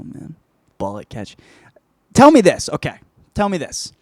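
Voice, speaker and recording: A man's voice: fairly high pitch, wildly swooping pitch, measured pace, pauses often, no room sound, studio quality. A man hosting a podcast, reviewing a film in casual, rambling chat full of swearing and restarts. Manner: rambling, profane, self-interrupting. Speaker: podcast host.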